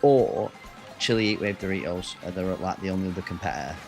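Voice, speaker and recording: Deep-voiced english guy rambling to his stream chat, bit of music playing behind. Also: rapid-fire, a bit bright. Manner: chatty, rambling, answers chat. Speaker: gaming streamer. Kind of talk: casual livestream chat.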